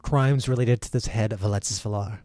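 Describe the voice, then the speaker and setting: A man voicing a calm, stately female judge who speaks in measured, formal rulings. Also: on the low side, dry recording, voice pushed down, natural voice.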